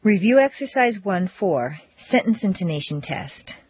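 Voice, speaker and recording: A woman teaching pronunciation drills, speaking slowly and deliberately with exaggerated intonation. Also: medium pitch, big pitch swings, slightly rough, no echo. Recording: dull dry lo-fi recording.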